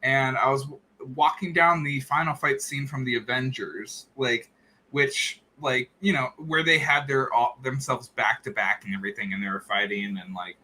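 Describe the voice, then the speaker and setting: A man's voice: mid-range voice, moderate pace, bright, forceful tone, slightly rough. A man hosting a casual chat, rambling with lots of fillers, restarts and laughs. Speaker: host.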